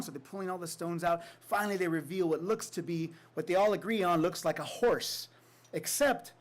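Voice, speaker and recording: Fairly high-voiced man reading and telling stories. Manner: reflective, unhurried, with casual fillers and laughs. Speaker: author giving a faculty reading. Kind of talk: poetry reading and storytelling.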